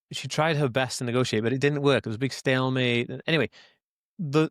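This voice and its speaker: A man's voice: medium pitch, dry recording, clean studio sound. A Welsh man in his forties, telling his life story as an interview guest in a rambling, earnest way, full of "like" and "right?". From Wales. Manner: rambling, lots of "like" and "right?", repeats words; earnest and emphatic, addresses listeners as guys. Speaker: interview guest, autism advocate. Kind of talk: casual storytelling in a conversation.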